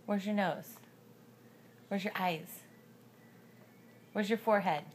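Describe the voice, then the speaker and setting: A woman's voice: mid-range voice, extremely slow, a little hiss or hum. A mother coaxing her toddler in baby talk, sing-song and often laughing.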